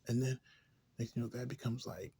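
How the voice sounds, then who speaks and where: A man ranting in a rambling, profane, casual way, drifting between low mutters and louder outbursts. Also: fairly even intonation, brisk, creaky, a little hiss or hum. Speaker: vlogger.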